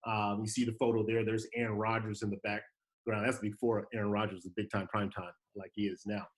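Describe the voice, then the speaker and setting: A man's voice: fairly low pitch, fairly quick, rough recording. A man hosting a talk in his thirties, telling a personal story about failure and acting out the voices in it. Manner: animated storyteller, acts out quotes, laughs often. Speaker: host.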